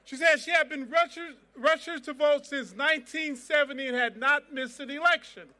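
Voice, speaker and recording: A man stands before a rally crowd and preaches his cause, repeating lines for rhythm and leading chants. His voice sits very high and rings bright and forceful. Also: a little fast. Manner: preacher-like cadence, rousing chants, repetition. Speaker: civil rights organization president. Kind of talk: fiery rally speech.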